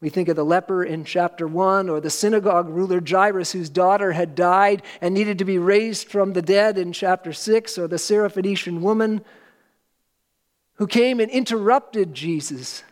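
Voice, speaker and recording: The pastor's voice sits high as he addresses his church in a sermon. He is emphatic and earnest, and his pauses are slow and deliberate, giving the words weight.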